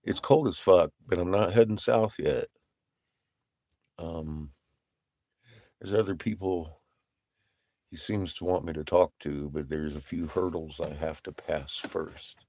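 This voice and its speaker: Brief: man with a lowish voice, dry close sound, profane rambling vlog storyteller who laughs often. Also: a little slow, pauses often, darkish tone, no room sound. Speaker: vlogger. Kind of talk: casual storytelling to camera.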